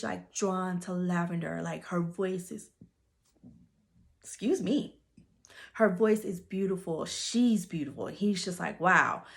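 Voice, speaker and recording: A woman with a lowish voice recapping a story in chatty, gossipy fashion, full of fillers and asides. She sounds like she is spilling the tea to a friend. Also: creaky, darkish tone. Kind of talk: casual plot recap.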